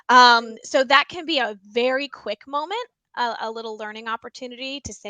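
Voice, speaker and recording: A woman librarian walks teachers through ways to use a picture book in class. Her voice is bright and a little high. She speaks in a loose, chatty way with frequent ums, recorded dry and close indoors. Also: brisk, few pauses, no echo, poor audio. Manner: chatty, many ums, explains by example. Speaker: school librarian. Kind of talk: teaching tips with a read-aloud.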